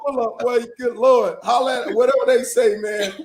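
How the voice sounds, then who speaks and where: A man from South Florida co-hosting a casual sports talk show, animated and joking, often exclaiming. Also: extremely high pitch, moderate pace, echoey room, background noise. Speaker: co-host.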